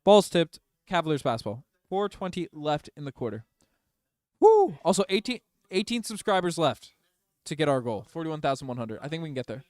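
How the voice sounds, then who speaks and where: A young man runs fan play-by-play on a livestream, rattling off plays and bursting out loudly when things swing his team's way. His voice is smooth and a touch high. He sits close to a dry mic with no room sound. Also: animated, dry recording. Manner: partisan, swings between rapid calls and loud outbursts. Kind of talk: excited fan play-by-play commentary.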